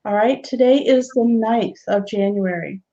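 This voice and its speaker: A woman's voice: medium pitch, unhurried, warm tone. A woman hosting a live online show, chatting casually and laughing often. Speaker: host. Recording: dull lo-fi web stream audio.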